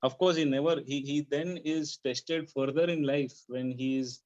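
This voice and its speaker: A man's voice: medium pitch, fairly even intonation, normal speed, darkish tone, dull audio. A man telling a spiritual story in a devotional group discussion, acting out the voices of the people in it. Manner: acts out the dialogue of the story's characters.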